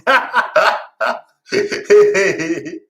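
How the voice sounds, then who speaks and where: Man streaming from home, slightly high voice, unhurried, crude and giggly, keeps cracking himself up. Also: big pitch swings, fairly bright tone, echoey room. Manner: laughs constantly, crude, rambling. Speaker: live streamer. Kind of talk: rambling crude joking chat. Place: at home, alone.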